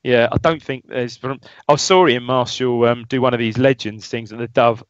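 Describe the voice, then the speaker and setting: A man's voice: medium pitch, steady tone, moderate pace, clear, resonant tone, dry recording. A man co-hosting a casual football podcast, chatty and jokey, often restarting his sentences. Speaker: podcast co-host. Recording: dry, dull lo-fi sound.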